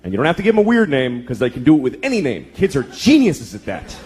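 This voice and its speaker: A man in his thirties doing a stand-up comedy set, ranting profanely and deadpan, acting out voices. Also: mid-range voice, fast. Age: 30s. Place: comedy club stage before a live audience. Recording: live room with crowd laughter and noise. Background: audience laughter.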